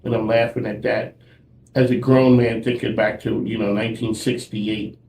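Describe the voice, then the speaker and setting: A man with a gravelly voice hosts a radio talk show with playful banter. He is recorded in an echoey room with faint background noise. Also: fairly low pitch, flat delivery, normal speed, a little mellow. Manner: upbeat, playful host patter. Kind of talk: casual interview chat. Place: museum.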